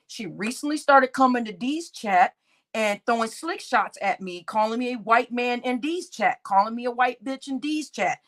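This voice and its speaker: A woman's voice: on the high side, fairly bright tone. A woman hosting her own channel, telling her viewers a heated story in a casual, profanity-laced rant and talking straight to them. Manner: talks straight to her audience as y'all. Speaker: channel host.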